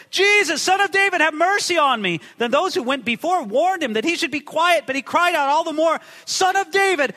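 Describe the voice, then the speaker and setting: Male pastor, high bright voice, theatrical delivery, long hall reverb. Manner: dramatic, acts out quotes with big swings in pitch and volume. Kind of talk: expository sermon.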